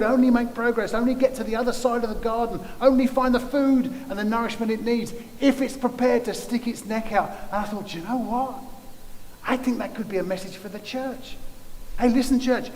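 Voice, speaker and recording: Guest preacher, male, high voice, emphatic, repetition-driven delivery; church hall with long reverb. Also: darkish tone, a little hiss or hum. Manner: emphatic, builds with repeated phrases. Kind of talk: sermon.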